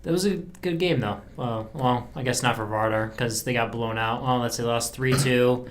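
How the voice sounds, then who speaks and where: A relaxed man recapping youth soccer games he scouted, rambling and easygoing. His voice is mid-pitched, with a faint hum in the background. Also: moderate pace. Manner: laid-back, rambling recap. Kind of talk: casual sports chat.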